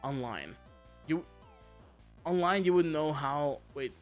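A man streaming a game, chatting casually and telling stories, excitable and swearing a lot with frequent laughter. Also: a little high, takes it slowly, soft background music. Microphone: streaming mic.

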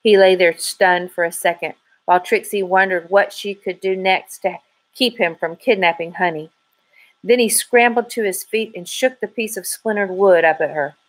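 A woman reading a children's mystery novel aloud in an even, measured way. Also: mid-range voice, rough recording. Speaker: audiobook reader. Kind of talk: storybook narration.

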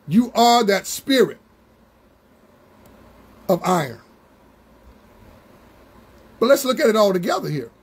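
A man preaching a Bible study sermon, drawing words out slowly for emphasis and calling out to members of the congregation. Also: sits high, very animated, slightly rough. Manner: preaching with slow, drawn-out emphasis and call-outs to congregation members.

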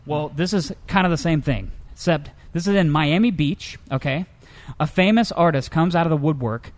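A man co-hosting a comedic news-story show, telling tales in a lively, animated way. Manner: lively storyteller, jumps into high pitch for characters. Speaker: co-host.

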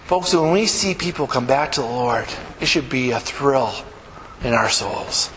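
A man preaching a live sermon as pastor, telling stories emphatically and dropping to hushed, earnest tones. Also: mid-range voice, lively intonation, unhurried. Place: church sanctuary. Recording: echoey church hall, noisy live recording.

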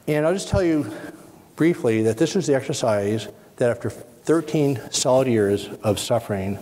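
Speaking in a somewhat low, husky voice, a middle-aged man who is a spine surgeon runs a workshop, calmly walking listeners through an exercise step by step. It's a lecture with a guided exercise, delivered in a conference hall with a lot of reverb.

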